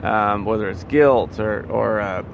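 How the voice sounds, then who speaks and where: A man's voice: lowish voice, unhurried, gravelly, a little hiss or hum. A man in a casual motivational monologue, rambling and full of fillers and restarts. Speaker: vlogger giving life advice.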